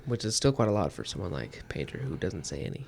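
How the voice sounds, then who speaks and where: Casual male co-host, rambling, gravelly. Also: sits low, very animated, fast, darkish tone, slight background noise. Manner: rambling, many fillers and restarts. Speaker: book podcast co-host. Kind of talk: casual chat.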